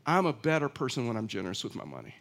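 A man's voice: mid-range voice, big pitch swings, very fast, fairly bright tone. A middle-aged male pastor giving a conversational sermon, telling stories with frequent restarts. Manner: chatty storytelling, many restarts.

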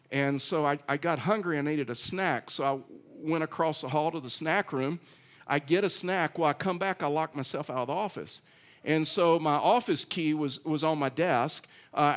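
A male pastor preaching a sermon in a conversational, storytelling way with self-deprecating humor. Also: a little high. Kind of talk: sermon with personal stories.

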